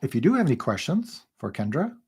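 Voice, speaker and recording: A man's voice: mid-range voice, big pitch swings, quick pace, a little mellow, husky. A man in his thirties co-hosting a casual livestream, greeting viewers and reading their comments aloud with frequent laughs. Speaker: livestream co-host.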